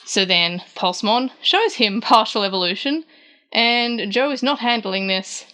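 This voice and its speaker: An Australian woman hosts a casual show retelling a manga chapter, chatting through scenes and raising her voice on the quotes. Her voice is a little high and measured in pace, bright, forceful, clear, and resonant. She talks with plenty of fillers and restarts.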